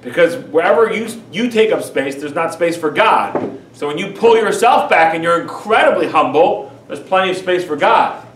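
A man teaching as a rabbi in an animated, emphatic lecture full of rhetorical questions. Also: a little high, normal speed, a little hiss or hum. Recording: echoey room, far from mic.

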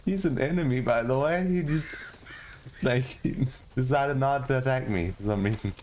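A man from Denmark giving goofy, casual commentary on a game he is playing, talking to the characters and jumping into high squeals. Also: normal speed, darkish tone, slight background noise. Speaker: gaming streamer.

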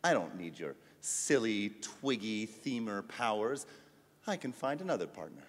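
A man's voice: lowish voice, sing-song, unhurried. A man performing a comic stage sketch, boastful and teasing. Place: conference hall stage. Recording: live stage mic in a hall.

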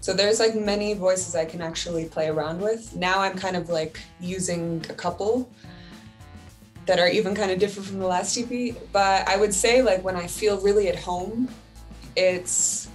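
A woman's voice: medium pitch, steady tone, moderate pace, soft background music. A woman in her thirties, a singer and producer, talking reflectively in a casual interview and laughing often. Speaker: singer and music producer, guest.

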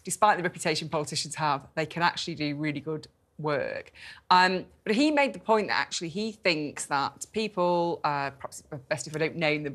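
A woman's voice: sits low, a bit bright. A woman speaking as a guest on a TV studio panel, earnest and fluent with occasional fillers.

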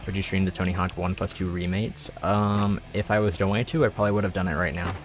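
A man's voice: low voice, fairly even intonation, quick pace. A man streaming and chatting with viewers, joking and mocking himself, often laughing. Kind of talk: casual live-stream chat. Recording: music playing behind. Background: music.

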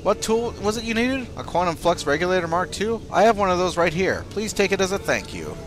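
A man's voice: high voice, sing-song, brisk, soft background music, pitched above the performer's own voice. A man reading aloud a game character, a pleased alien bar patron who gushes sweetly about drinks. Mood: grateful.

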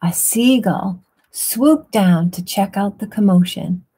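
A woman reading bedtime picture books aloud in a soft, hushed, soothing voice. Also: mid-range voice, takes it slowly, breathy edge. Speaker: storyteller. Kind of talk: quiet bedtime story reading.

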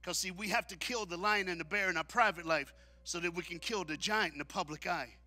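A man preaching a sermon at a men's conference, shouting call-and-response lines and dropping into low, quick asides. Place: church hall at a men's conference.

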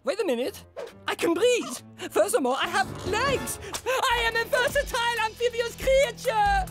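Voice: extremely high pitch, animated, normal speed. An actor voicing a brash male fish-frog bank robber who talks in street slang. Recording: loud cartoon music behind.

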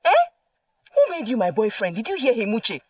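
A woman's voice: a little high, very animated, brisk, mellow, husky, no echo. A young Nigerian woman acting in a film drama as a dismissive university student, snapping off mocking retorts. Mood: scornful. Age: young adult. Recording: distant mic with faint music.

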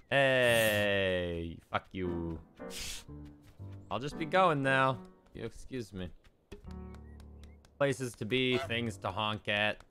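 A young man giving casual, profanity-laced commentary while playing a game, with lively stretches of storytelling. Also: medium pitch, takes it slowly, pauses often, faint music behind. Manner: swearing, animated storytelling. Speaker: streamer.

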